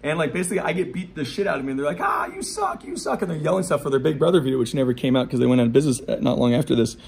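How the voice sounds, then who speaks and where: A skateboarder in his forties who owns a skate shop tells rapid, profane, rambling anecdotes full of asides. His medium-pitched voice is a little mellow, with vocal fry, and the storytelling is casual.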